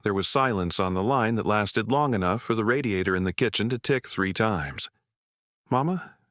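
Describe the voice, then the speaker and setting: A man narrates a long story in a slow, measured manner. His voice sits low, and the recording is dry and close. The reading stays even throughout. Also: dry recording.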